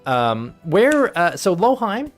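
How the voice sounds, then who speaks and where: A man's voice: high voice, wildly swooping pitch, slow pace, faint music behind. A young man recapping a tabletop game as game master, rambling with lots of fillers and laughter.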